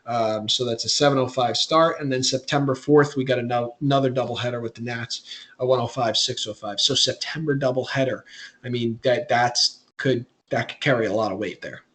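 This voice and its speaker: A young man co-hosting a sports podcast, rambling loosely through schedules and plays. His voice sits at an ordinary, mid pitch. When something annoys him he climbs higher and louder into an exasperated rant. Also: fairly quick. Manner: rambling, gets heated and high when ranting. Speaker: podcast co-host. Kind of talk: casual sports chat.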